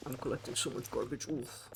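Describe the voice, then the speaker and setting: Over a noisy background, a man streams a game live, his medium-pitched voice a little fast and marked by vocal fry. He chats casually with viewers, sarcastic and swearing freely.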